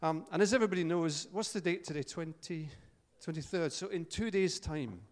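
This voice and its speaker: Scottish preacher in a reverberant hall. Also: male voice, on the high side, a little fast. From Scotland. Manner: chatty, joking asides, frequent fillers and restarts. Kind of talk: informal sermon with storytelling.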